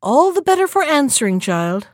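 A woman voicing a sly, hungry male wolf in a storybook reading, coaxing and falsely gentle. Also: sits high, sing-song, moderate pace, no room sound, studio quality, voice pushed up. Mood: menacing. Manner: smooth, coaxing, feigned gentleness.

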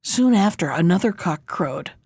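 A woman reading a fairy tale aloud in a measured storytelling manner. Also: fairly low pitch, lively intonation, darkish tone, slightly rough, dry recording, studio quality.

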